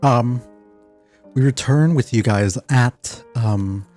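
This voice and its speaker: A young man running a tabletop game as game master, talking in a halting way with many fillers. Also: mid-range voice, darkish tone, faint music behind.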